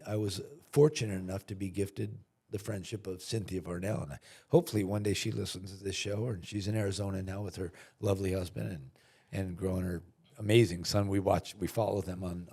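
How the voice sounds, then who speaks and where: A man's voice: fairly low pitch, mellow, slightly rough. A man guesting on a podcast, telling a personal story in a casual way and acting out the dialogue. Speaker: podcast guest, chamber of commerce chairman. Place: podcast studio.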